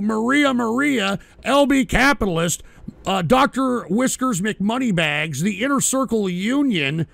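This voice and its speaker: A man's voice: high-pitched, vocal fry, fairly bright tone, dry recording. A man hosting a live talk stream who reads out chat names in a profane, sarcastic ramble. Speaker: streaming talk show host.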